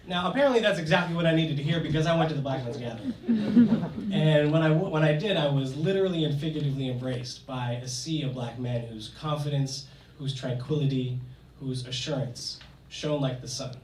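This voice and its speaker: A man's voice: fairly high pitch, recorded from a distance. Young man telling a comic story onstage. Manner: comic, conversational, animated. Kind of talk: live personal storytelling. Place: stage before a live audience. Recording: echoey hall, mic from afar, audience noise.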